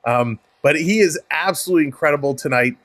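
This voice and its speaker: A man's voice: on the high side, fairly bright tone, dry recording. A man with a Canadian accent hosting a live hockey stream, mixing play-by-play with friendly replies to chat and thanks to viewers. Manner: upbeat, chatty, thanks viewers by name and chuckles often.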